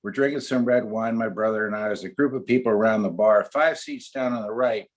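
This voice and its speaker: A man's voice: fairly low pitch, a little fast. An older man, an oral surgeon guest on a webinar, telling a long anecdote in a chatty way. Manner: chatty anecdotal storyteller with many fillers and restarts. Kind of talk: storytelling in a webinar.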